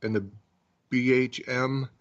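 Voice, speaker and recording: A man hosting a paranormal radio talk show, easygoing and a little halting as he speaks. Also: mid-range voice, little pitch movement. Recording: lo-fi internet radio audio.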